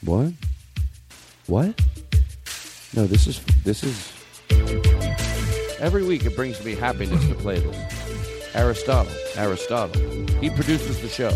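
A man's voice: mid-range voice, sing-song, measured pace, long pauses, darkish tone, soft background music. A man goofing around on a comedy podcast, playful and silly. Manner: goofy and playful, sings and repeats words. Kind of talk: casual comedy podcast chat.

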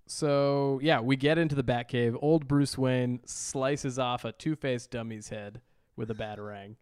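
A man co-hosting a podcast, casually recapping an episode in quick bursts with frequent uhs. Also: medium pitch, steady tone, darkish tone, clear, resonant tone, dry recording, studio quality. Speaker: podcast co-host. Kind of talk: casual chat.

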